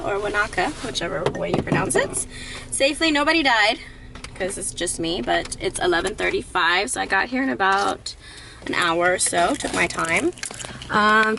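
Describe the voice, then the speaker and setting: A woman's voice: a little high, gravelly, background noise. A woman chatting to the camera as she drives and explores on a travel vlog, upbeat and self-narrating. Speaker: travel vlogger. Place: car and outdoors. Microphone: camera on dash and handheld.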